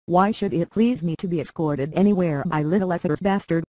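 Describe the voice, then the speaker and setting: A sneering, arrogant young heir, as an audiobook reader puts him on, cold and contemptuous. The voice sits mid-pitch in a dry, close recording. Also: brisk, dark tone, no room sound, natural voice.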